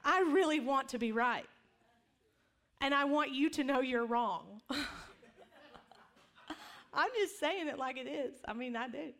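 A woman's voice: sits high, measured pace, long pauses, a bit bright. A middle-aged woman pastor giving a sermon, telling stories in a conversational, humorous way and acting out quotes.

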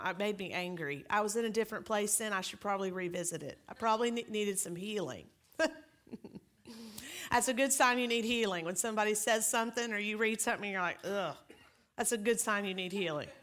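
A woman pastor giving a conversational sermon, lively and joking as she tells stories on herself. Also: mid-range voice. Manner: lively, joking, self-deprecating storytelling.

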